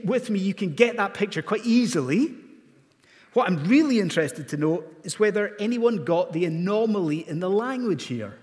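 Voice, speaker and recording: Scottish preacher, high voice, church reverb. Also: male voice. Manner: rhetorical questions to the congregation, rising to emphatic peaks. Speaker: pastor. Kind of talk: sermon. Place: church sanctuary.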